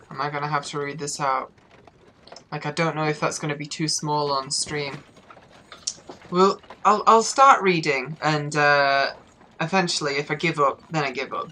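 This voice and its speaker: A woman's voice: low voice, a little slow, pauses often, sharp tone, slight background noise. A woman with a northern English accent chatting wryly and swearing casually while she streams a game live.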